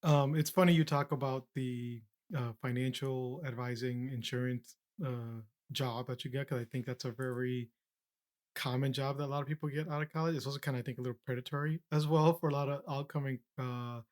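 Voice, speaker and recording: A man's voice: mid-range voice, fairly even intonation, fairly quick, a little mellow. A man hosting a podcast, chatting casually and jokily with his guest. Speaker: podcast host. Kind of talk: casual interview chat.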